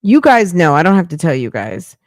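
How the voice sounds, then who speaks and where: Casting: woman, streamer host, sharp mocking reactions, dry close sound. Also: lowish voice, very animated, fairly quick, no echo. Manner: blunt, mocking, talks back at the clip. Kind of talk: casual reaction commentary.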